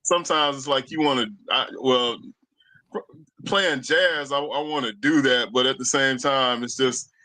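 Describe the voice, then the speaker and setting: A man's voice: medium pitch, bright, forceful tone, dry recording, poor audio. A man who plays jazz, talking on a casual livestream panel. He speaks thoughtfully and searches for his words. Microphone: remote call mic.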